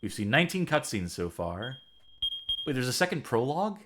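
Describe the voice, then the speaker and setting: A man's voice: medium pitch, sing-song, a little fast, noisy background. A man giving casual, wry commentary while playing a video game. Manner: wry, sarcastic remarks. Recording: music playing behind.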